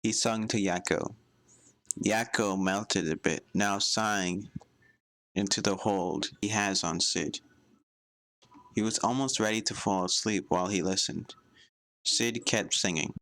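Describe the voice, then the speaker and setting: A man reading fan fiction aloud in a plain, unhurried way, close to the mic. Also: fairly low pitch, fairly bright tone, no room sound. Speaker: fanfic reader.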